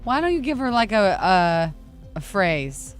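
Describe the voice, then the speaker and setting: A woman's voice: medium pitch, sing-song, measured pace, soft background music. A woman co-hosting a morning radio show, chatty and teasing in casual banter.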